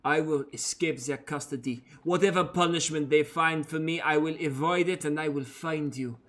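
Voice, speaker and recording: A man's voice: on the high side, moderate pace, a bit bright, natural voice. A man voicing a wounded, vengeful female outlaw who spits threats. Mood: venomous.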